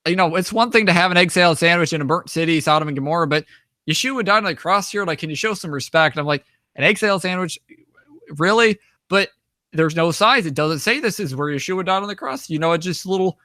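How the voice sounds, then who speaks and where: A young man recounts his travels in a loose, rambling way, full of restarts and "you know"s. His voice is bright and fairly high for a man. The recording is close and dry. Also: no room sound. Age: young adult. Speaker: guest, author and traveler. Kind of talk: casual storytelling over slides.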